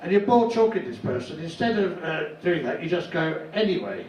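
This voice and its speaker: A man's voice: on the high side, fairly quick. Older man doing crude stand-up. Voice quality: crude, deadpan storytelling with sudden loud punchlines. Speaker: stand-up comedian. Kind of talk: stand-up comedy set. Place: comedy club stage. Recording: roomy live venue, distant mic, loud crowd noise.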